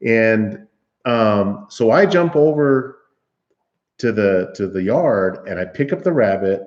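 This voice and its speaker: Slow and lively in intonation, a livestream host with a lowish, darkish voice laughs through a long, casual story for his chat. Highs are cut off, and he rambles with frequent restarts.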